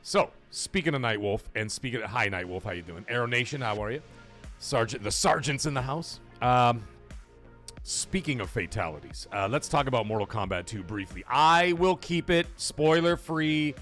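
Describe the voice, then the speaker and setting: A middle-aged man hosting a live gaming stream, shouting hype and joking shout-outs to his chat. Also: mid-range voice, animated, moderate pace, faint music behind.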